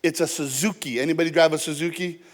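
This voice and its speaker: A male pastor with a high voice delivers a sermon. He tells personal stories and acts out both sides of the conversations as he preaches. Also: steady tone, fast talker.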